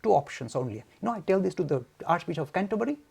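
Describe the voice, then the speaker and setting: A man from India gives a frank, forceful lecture on Hinduism to students. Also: high voice, rapid-fire, vocal fry, husky. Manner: forceful, frank, animated, mock-arrogant.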